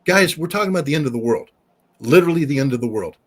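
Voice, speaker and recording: A middle-aged man, a former weapons inspector, talks emphatically in a casual interview as an animated storyteller. His voice is on the high side and fast.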